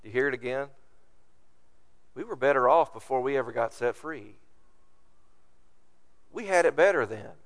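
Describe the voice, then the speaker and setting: A man's voice: on the high side, fairly bright tone. A man preaching a sermon, reading scripture aloud and acting out the complaints of the people. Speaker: pastor.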